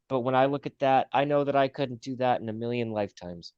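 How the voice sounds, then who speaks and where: Over lo-fi video-call audio that's dry and dull, a US man chats casually as a livestream guest. His mid-range voice is a little fast and a little mellow, with hardly any pauses, and he jokes wryly while drifting off into meandering asides.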